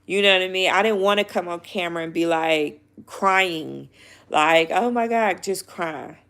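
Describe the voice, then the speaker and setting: A woman's voice: fairly low pitch, fairly even intonation, unhurried, a bit bright. A young pregnant woman chatting casually to camera, blunt and swearing a lot, laughing often, and feeling sick. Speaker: vlogger.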